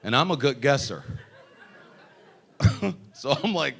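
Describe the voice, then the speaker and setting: A man's voice: mid-range voice, sing-song, unhurried, vocal fry, pauses often. A man performing a stand-up comedy routine at a party, joking and teasing the audience. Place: party venue with a live audience.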